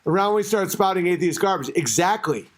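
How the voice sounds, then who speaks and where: A man hosting his own show, ranting in a profane, rambling, animated comedic monologue. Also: high-pitched, fast talker. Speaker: show host. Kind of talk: comedic podcast rant.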